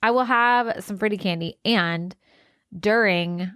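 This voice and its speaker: A woman's voice: mid-range voice, measured pace, fairly bright tone, clean tone, no room sound. A chatty, enthusiastic woman in her forties co-hosts a podcast and explains things eagerly. She is recorded close and dry, with no room sound. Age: 40s. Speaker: podcast co-host. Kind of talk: casual chat.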